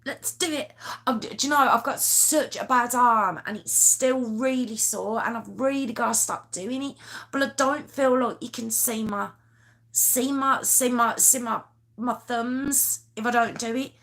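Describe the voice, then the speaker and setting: A young woman chats on a live stream in a bright, gravelly voice. She rambles nervously, stammering and restarting her sentences. She pokes fun at herself as she talks to her viewers. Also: on the high side, unhurried. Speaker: YouTube true crime host.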